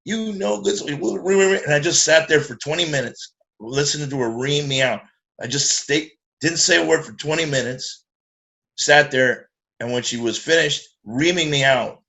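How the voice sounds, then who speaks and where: Animated, bright-voiced storyteller man. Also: a little high, measured pace. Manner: animated, profane, acts out quoted voices. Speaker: guest musician. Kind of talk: casual storytelling.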